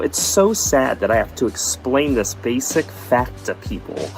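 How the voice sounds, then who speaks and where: A man's voice: medium pitch, poor audio. A man playing an indignant, whiny self-righteous vlogger. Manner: indignant, mock-aggrieved. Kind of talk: satirical vlog sketch.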